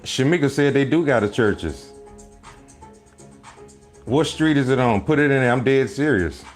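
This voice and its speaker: A man hosting a casual live stream, rambling loudly through jokes and teasing his viewers, often breaking into laughter. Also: medium pitch, animated, moderate pace, faint music behind. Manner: loud joking rambles, bursts of laughter, mock voices.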